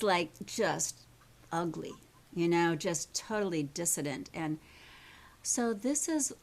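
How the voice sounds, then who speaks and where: A woman's voice: medium pitch, darkish tone. A woman coaching a live workshop group, talking in a chatty, rambling way and often checking in with the listeners.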